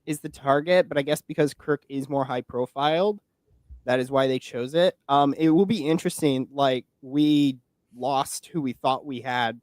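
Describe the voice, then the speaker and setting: A young man in his twenties talks politics in a loose, rambling way, full of fillers and restarts. His voice sits a little high for a man. The sound is close and dry. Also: dry recording. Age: 20s. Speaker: podcast guest and political commentator. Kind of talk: casual political chat.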